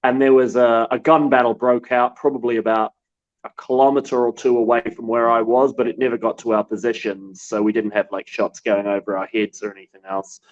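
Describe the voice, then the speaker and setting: A man's voice: medium pitch, a little fast. Man on a dull lo-fi line. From New Zealand. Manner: relaxed storytelling with many restarts. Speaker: war correspondent. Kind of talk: casual remote interview.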